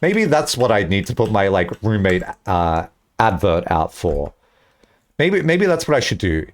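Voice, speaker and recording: A man's voice: lowish voice, a little slow. A young man streaming and chatting casually, rambling through stories with lots of swearing and laughter. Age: young adult. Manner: rambling, profane, laughs often, animated storytelling.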